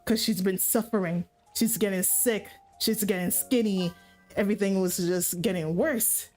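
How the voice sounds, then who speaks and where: A woman streamer ranting through a story recap in a loose, profane, self-correcting style. Her voice sits at a middle pitch for a woman. Faint background music plays under her voice. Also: steady tone, moderate pace, darkish tone. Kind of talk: casual story recap rant.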